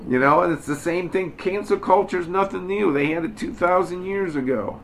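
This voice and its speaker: A man's voice: high-pitched, moderate pace, gravelly, few pauses, fairly bright tone, slight background noise. A man leading an informal Bible study, talking bluntly and folksy, mockingly acting out the Pharisees.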